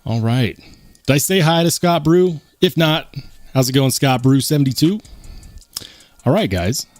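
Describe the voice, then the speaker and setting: A man's voice: on the high side, expressive, unhurried, dry recording. A man hosting a casual live stream, reading the chat aloud and joking about himself in a plain, unaccented voice. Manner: chatty, reads chat aloud, self-mocking.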